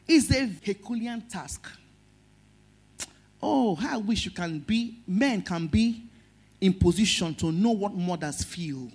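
A woman's voice: mid-range voice, expressive, slow pace, slightly rough. Emotional Nigerian woman pastor preaching. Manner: emotional, swinging between loud stress and soft. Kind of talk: sermon.

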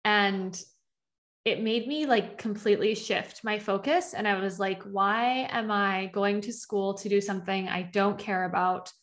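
A woman's voice: medium pitch, steady tone, unhurried, a bit bright. A young adult woman guest on a podcast, telling her story in a casual, chatty way, often saying "like" and acting out her past thoughts. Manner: chatty, heavy use of "like", acts out her own past thoughts. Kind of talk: conversational storytelling.

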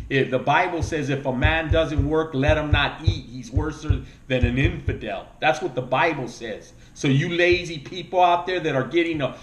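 A man with a Latino American accent delivers a fiery, preachy rant, his slightly high voice jumping up and then sinking low as he keeps tacking on "man." It sounds recorded in an echoey room, with the sound bouncing around him. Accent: Latino American English. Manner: emotional, preachy, repeats "man", voice jumps up and drops low. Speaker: vlogger. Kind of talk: impassioned political rant.

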